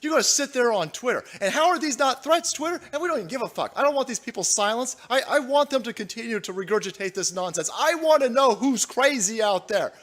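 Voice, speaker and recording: A man ranting straight to camera in an aggressive, taunting way, swearing heavily and breaking into laughter and shouts. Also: extremely high pitch, animated, fast, hardly any pauses. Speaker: political commentator. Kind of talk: angry profane rant to camera.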